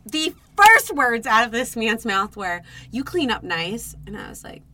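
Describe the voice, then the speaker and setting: A young woman co-hosting a podcast, telling a dating story in casual chat, animated and swearing, acting out her own reactions. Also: a little high, measured pace, slight background noise. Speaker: podcast co-host.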